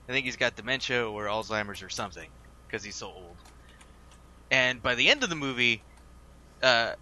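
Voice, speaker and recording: Bright-voiced man chatting casually. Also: medium pitch. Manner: rambling, laughs a lot. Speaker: podcast co-host. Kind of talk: casual chat.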